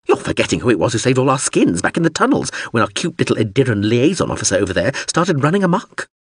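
Man voicing a snide floating drone, high whiny sarcastic voice, lively swoops, husky, dry audiobook sound. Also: fast, no echo, exaggerated voice. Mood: peevish sarcastic. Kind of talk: audiobook character voice.

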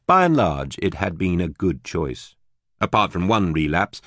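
An audiobook narrator with a deep voice delivers scripted narration in a calm, even, measured storytelling manner. The audio is dry and of studio quality.

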